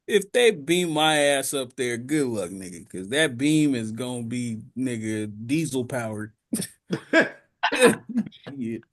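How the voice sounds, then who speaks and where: A man's voice: mid-range voice, very animated, slow, fairly bright tone. A man co-hosting a podcast, chatting casually and telling profane stories full of comic voices. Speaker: podcast co-host. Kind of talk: casual chat.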